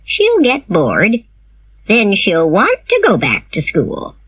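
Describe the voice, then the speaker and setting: A woman reading a storybook aloud and voicing a bossy older neighbor woman who gives slow, knowing advice. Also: mid-range voice, wildly swooping pitch, fairly bright tone, husky, no room sound, exaggerated voice.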